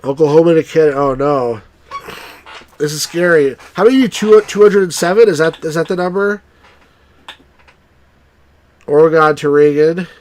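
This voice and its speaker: A man's voice: fairly high pitch, normal speed, long pauses. Chatty wry man streaming a game. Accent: New Jersey. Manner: chatty, wry, bursts into excited cheers. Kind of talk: live let's-play commentary.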